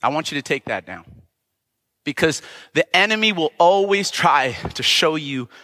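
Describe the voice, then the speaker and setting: A man delivers a fervent sermon, his high voice climbing into emphatic shouts. The tone is bright and ringing. A long church-hall reverb trails each phrase. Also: expressive, normal speed. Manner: impassioned, rising to emphatic shouts. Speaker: preacher. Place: church sanctuary.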